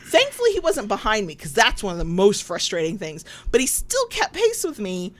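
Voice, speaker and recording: A woman's voice: mid-range voice, fairly quick. A woman co-hosting a podcast, chatting casually, telling stories with swearing and laughs. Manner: animated, swearing storyteller with frequent laughs. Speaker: podcast co-host. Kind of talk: casual chat.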